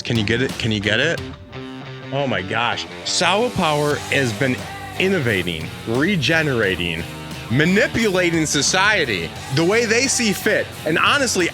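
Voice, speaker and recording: A man hosting a comedic podcast with rambling, jokey banter and a mock-salesman patter. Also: on the high side. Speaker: podcast host.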